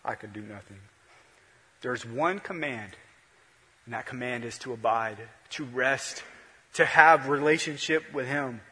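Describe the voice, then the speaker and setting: A male pastor preaching a sermon, with a repetitive cadence that swings between loud peaks and hushed lines. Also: mid-range voice, measured pace, slightly rough. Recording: long hall reverb.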